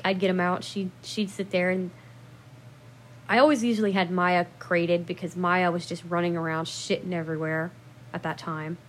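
A woman casually telling memories about her dogs in a rambling, profane way, laughing at herself and jumping up loud when she acts out what people said. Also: fairly low pitch, slight background noise. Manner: acts out quoted lines with sudden loud bursts. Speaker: dog owner telling memories. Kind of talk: casual storytelling to camera.

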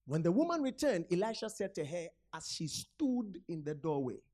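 A woman preaching a sermon, retelling a scripture story and urging her listeners with repeated calls and sudden shouts. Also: fairly low pitch, sing-song, normal speed. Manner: repetitive, urgent exhortation with sudden shouts.

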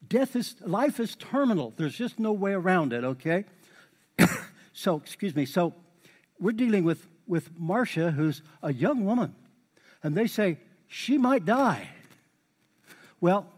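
A middle-aged male pastor preaching a sermon, his voice a touch higher than most men's. He talks in a folksy, conversational way, repeats key words for emphasis and rises into lively exhortation. A long reverb trails each phrase, as in a big church hall. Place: church sanctuary.

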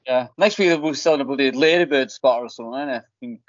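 A man's voice: mid-range voice, quick pace, no room sound. A man co-hosting a podcast, grumbling in a sulky casual way. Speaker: podcast co-host. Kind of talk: casual chat. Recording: dull lo-fi sound.

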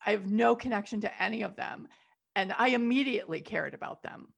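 A woman's voice: medium pitch, animated, brisk, gravelly, husky. A woman co-hosting a casual movie review podcast, frank and opinionated with a wry edge. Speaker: podcast co-host.

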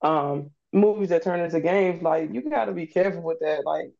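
A woman's voice: on the low side, gravelly, warm tone, muffled recording. A woman guest on a podcast, talking in an easygoing, slangy way. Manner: easygoing, slangy, quick to laugh. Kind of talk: casual chat.

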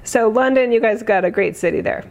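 A woman in her forties, hoarse today, chatting effusively on a livestream, laughing often as she reads comments. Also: on the high side, brisk, darkish tone. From United States. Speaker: livestream host. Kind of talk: casual livestream chat reading comments.

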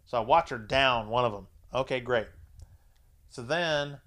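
A man hosting a podcast, telling a story in a casual, profane, animated way and acting out both sides of the dialogue. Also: medium pitch, a little slow. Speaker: podcast host.

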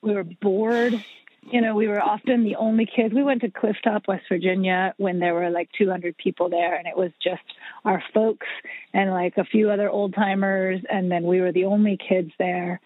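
A woman's voice: mid-range voice, little pitch movement, normal speed, no room sound. A woman guest on a podcast, telling long stories about her family's music in a chatty way, with many fillers and restarts. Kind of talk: casual interview storytelling. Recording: husky, dry, phone-like line.

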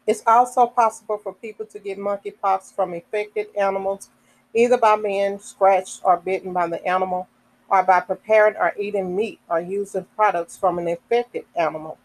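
A woman hosting a podcast, reading health information aloud slowly, with casual asides, fillers and the odd self-correction. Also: mid-range voice, steady tone, poor audio. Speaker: podcast host.

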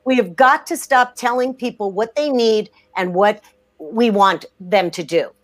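A woman talking in a podcast interview, emphatic and energetic, often restarting her sentences. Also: mid-range voice, a little slow. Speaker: guest.

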